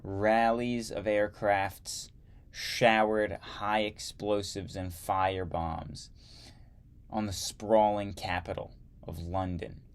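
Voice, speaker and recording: A man teaching history, reading a textbook aloud slowly and adding wry asides. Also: fairly low pitch, little pitch movement, clear, resonant tone.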